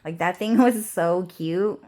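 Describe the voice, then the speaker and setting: A woman's voice: lowish voice, slow pace, mellow. A woman ranting casually into the camera, swearing often and filling her speech with "like" and "dude". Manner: profane, fills speech with "like" and "dude". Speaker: vlogger. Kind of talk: casual rambling rant.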